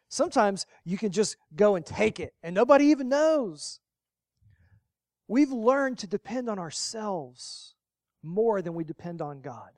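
A pastor preaches a sermon, climbing to loud, emphatic lines and then sinking into quiet, low asides while repeating key phrases. The recording is clean studio sound with no echo.

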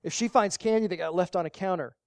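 Pastor, emphatic sermon delivery, repetitive and rhetorical, mid pitch, dry close sound. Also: fast talker, no echo. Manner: swings between loud emphatic lines and quiet, low asides; rhetorical, repeats key phrases for emphasis.

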